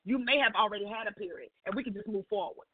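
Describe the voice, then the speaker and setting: A middle-aged woman on a call-in show, telling her story in a lively way and acting out each voice in the dialogue. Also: fast, breathy edge. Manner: expressive, acts out dialogue with big pitch jumps. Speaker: call-in guest sharing a testimony. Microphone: telephone. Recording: tinny phone line.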